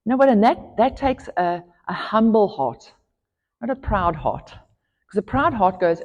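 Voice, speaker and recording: A woman's voice: mid-range voice, very animated, unhurried, darkish tone, highs cut off. Woman preaching in a church hall. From South Africa. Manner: earnest preaching, rising emphatic for scripture. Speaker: pastor. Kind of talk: sermon.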